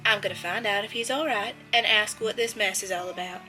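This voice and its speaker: A woman's voice: medium pitch, fairly even intonation, a little fast, pushed and bright, soft background music, close to an everyday voice. A woman reading a novel's dialogue aloud as a stubborn young southern woman. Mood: defiant.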